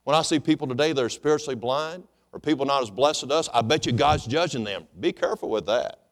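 A man's voice: mid-range voice, quick pace, long reverb tail. A man preaching a sermon as pastor, emphatic, repeating phrases and asking his congregation rhetorical questions.

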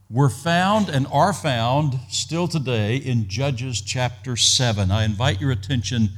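Earnest preaching man. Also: medium pitch. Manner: measured, earnest preaching with a rising build. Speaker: pastor. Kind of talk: sermon.

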